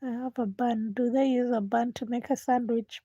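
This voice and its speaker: A woman's voice: a little high, steady tone, normal speed, dark tone, no echo. A young woman chatting to her live stream viewers at night while doing chores, sometimes dropping to a whisper. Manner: chatty, talks to viewers while busy, drops to whispers at times. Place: home at night.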